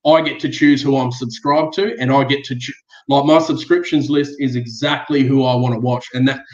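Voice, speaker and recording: A man's voice: mid-range voice, steady tone, a little fast. Earnest Australian man on an echoey call. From Western Australia. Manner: earnest, blunt, swears freely. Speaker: guest. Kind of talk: casual live-stream chat. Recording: echoey dull video call.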